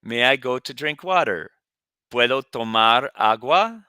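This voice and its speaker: A man teaching Spanish, reading vocabulary slowly in a lowish voice so students can repeat after him. His tone is bright and smooth, recorded close in a dry room. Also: animated, no room sound. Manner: pronounces words for students to repeat. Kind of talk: recorded classroom lesson.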